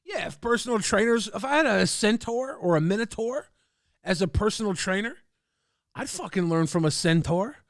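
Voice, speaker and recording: A man streaming casually, reading and answering chat in a loud, profane, combative rant. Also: high-pitched, animated, moderate pace, dry recording, clean studio sound.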